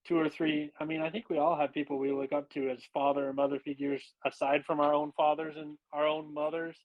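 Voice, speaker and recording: A man talks through advice on a podcast, encouraging but halting, with many fillers and restarts. His voice sits a bit high for a man. The sound is dull and lo-fi. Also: little pitch movement. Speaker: podcast host. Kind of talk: casual podcast chat. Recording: dull lo-fi recording.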